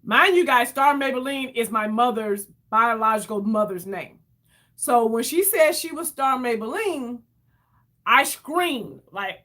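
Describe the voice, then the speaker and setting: Slow-talking woman telling a story. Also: on the high side. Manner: animated, addresses viewers as y'all, acts out quoted voices. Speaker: vlogger. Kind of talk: casual storytelling to camera.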